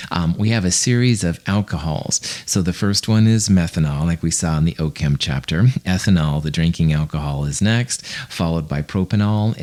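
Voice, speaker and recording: A man teaching a recorded chemistry lecture in a relaxed, conversational way, with fillers and small asides. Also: low-pitched. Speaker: chemistry instructor.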